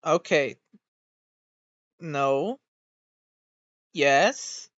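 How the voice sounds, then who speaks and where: A VTuber streamer chatting casually in a rambling way, swearing freely and getting irritated quickly. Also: medium pitch, fairly bright tone, no room sound. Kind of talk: casual stream reaction chat. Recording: dull, dry home recording.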